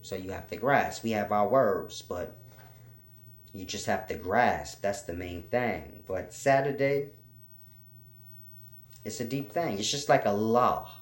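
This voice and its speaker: A man giving an informal spiritual teaching, slow and repetitive, spelling out letters for emphasis. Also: lowish voice. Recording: roomy echo.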